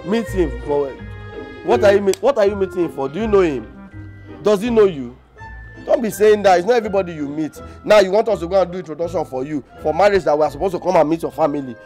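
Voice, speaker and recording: A young man with a Nigerian accent doing an excitable, pleading, scolding comedy sketch role. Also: sits high, fast, soft background music. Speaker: comic actor. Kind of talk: comedy sketch acting in Pidgin and English.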